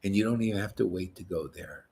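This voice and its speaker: A man as spiritual teacher, giving an informal devotional talk in a colloquial way, full of rhetorical questions and rising in pitch to stress his points. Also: quick pace, mellow.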